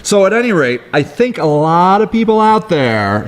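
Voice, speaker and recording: A middle-aged man co-hosting a casual talk show, telling rambling stories in quick, lively bursts. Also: on the high side. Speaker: co-host. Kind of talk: casual chat.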